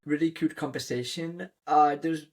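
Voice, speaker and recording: A man's voice: on the high side, normal speed. A man co-hosting a podcast, chatting casually about an anime and agreeing with his partner. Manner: relaxed, agreeable, filler-heavy chat. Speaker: podcast co-host. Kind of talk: casual episode recap.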